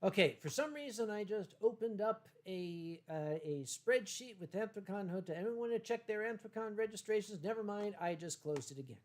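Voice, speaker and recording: A tipsy man hosting a casual livestream from home, rambling and halting through viewer comments with many fillers and restarts. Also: high voice, lively intonation. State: tipsy from wine. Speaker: livestream host.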